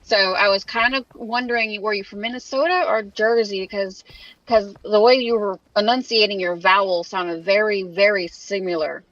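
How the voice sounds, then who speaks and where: A woman's voice: medium pitch, steady tone, moderate pace, a bit bright, recorded from a distance, highs cut off. A woman from Georgia talking frankly and at length in a casual voice chat.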